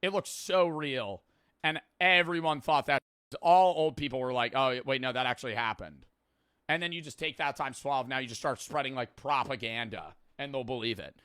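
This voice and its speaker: Bright, dry-voiced young man ranting. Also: mid-range voice, normal speed, smooth, no echo. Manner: profane, blunt, mocking. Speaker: reaction commentator. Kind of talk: casual reaction commentary.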